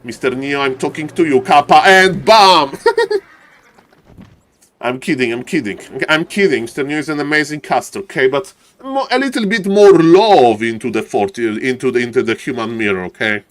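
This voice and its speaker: An esports caster calls a live strategy game match in English, not his first language, shouting in bursts at big plays and tossing joking asides to chat. His voice is medium in pitch and his pace moderate.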